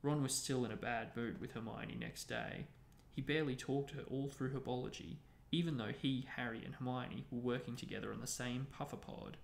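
A man hosting a book discussion, narrating a novel aloud in a steady reading voice. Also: medium pitch, a little fast, vocal fry, few pauses. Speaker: host and book reader. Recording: echoey room, faint noise.

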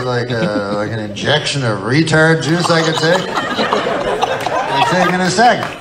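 A man's voice: fairly high pitch, background noise. Rambling stand-up comedian man, crowd laughing. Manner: rambling, meandering storytelling with curses. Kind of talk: live stand-up routine. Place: live comedy show venue. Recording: live show with audience laughter. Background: audience laughter.

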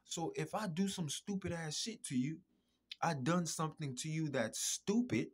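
A man talking in a casual podcast monologue, emphatic, repetitive and profane, with a husky voice. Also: a little high, lively intonation, unhurried. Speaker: podcast host.

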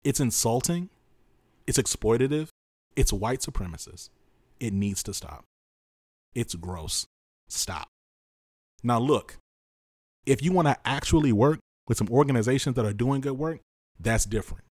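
A man hosting a solo podcast, talking with passion and frustration, repeating his points for emphasis and swinging between loud stress and tired, quiet drops. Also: medium pitch, lively intonation, normal speed, no room sound, studio quality. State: exhausted and frustrated. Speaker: podcast host.

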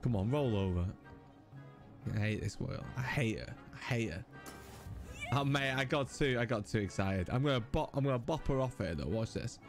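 A young man streaming a game live, excitable and swearing as he yells at the screen. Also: medium pitch, normal speed. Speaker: gaming streamer. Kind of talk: live gameplay commentary. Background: game music.

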